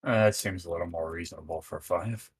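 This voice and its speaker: Husky low-voiced man in casual chat. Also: brisk. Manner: laid-back, swears casually. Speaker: game server admin. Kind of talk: casual chat while building a map.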